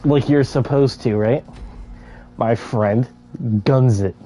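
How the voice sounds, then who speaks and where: A man's voice: mid-range voice, slow pace, warm tone. A young man casually telling a story while gaming, stuttering and repeating sounds, laughing as he goes.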